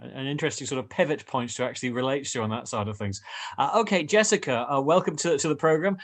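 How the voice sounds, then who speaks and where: A man hosting a radio interview, asking long halting questions. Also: medium pitch. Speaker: radio host.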